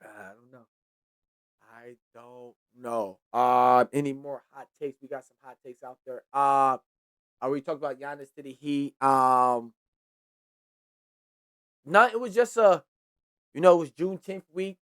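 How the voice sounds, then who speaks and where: A man's voice: mid-range voice, a little slow, pauses often, fairly bright tone. A man hosting a hip-hop podcast who talks casually and profanely, gives heated opinions and often trails off and restarts his sentences. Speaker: podcast host.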